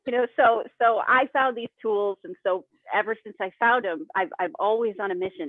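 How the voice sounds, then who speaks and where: A woman's voice: medium pitch, fairly quick, few pauses, no room sound. A woman guest on a remote call, playful and self-mocking, laughing through her stories in casual conversation. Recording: dry tinny phone-like call audio.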